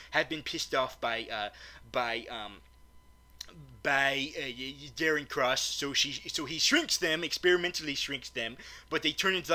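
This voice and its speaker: A man's voice: fairly high pitch, sharp tone. A man doing a comedic movie recap, stammering often and breaking into mock-outraged, swearing rants.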